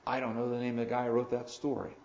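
A man's voice: medium pitch, completely flat delivery, roomy sound, dull audio, slight background noise. Preaching man with big emphatic swells. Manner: preaches with sudden loud emphatic swells and slow drawn-out stresses. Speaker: pastor. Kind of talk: sermon.

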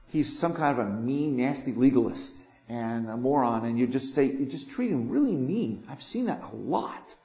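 Animated older male preacher, echoey. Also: mid-range voice. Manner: animated, swings from loud emphatic lines to quiet asides. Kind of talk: sermon. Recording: echoey room, dull lo-fi sound.

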